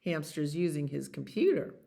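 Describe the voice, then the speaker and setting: A woman librarian reading a bedtime story aloud to children, gentle and expressive, with chatty asides. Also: low voice, moderate pace, vocal fry.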